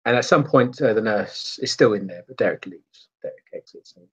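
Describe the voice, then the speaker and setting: A man narrating a tabletop role-playing game as game master, pausing and searching for words. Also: lowish voice, expressive, breathy edge. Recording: dull lo-fi sound.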